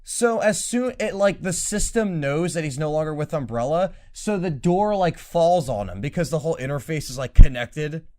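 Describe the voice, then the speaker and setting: A young man co-hosting a casual podcast, talking in an animated, profane way and mocking lines as he retells scenes. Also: fairly high pitch, moderate pace, few pauses. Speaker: podcast co-host.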